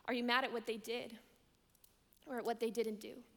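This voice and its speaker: A woman preaching as a young adult director, emphatic, repeating her key lines and swinging between loud and hushed. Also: on the high side, flat delivery, moderate pace, gravelly. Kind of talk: sermon. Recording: long hall reverb.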